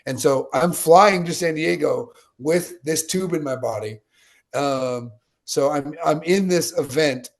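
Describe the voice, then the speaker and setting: A man's voice: fairly high pitch, a little slow. A man in his late thirties from Utah, a guest telling a long story in a casual, digressive interview style. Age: late 30s.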